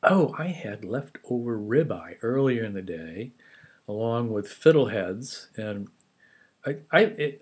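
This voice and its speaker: A man's voice: lowish voice, measured pace. A man in a casual home food video, chatting and rambling about his meal and stopping to chew between remarks. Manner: chatty, rambling, restarts, talks while chewing. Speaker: home cook vlogger. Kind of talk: casual food show-and-tell.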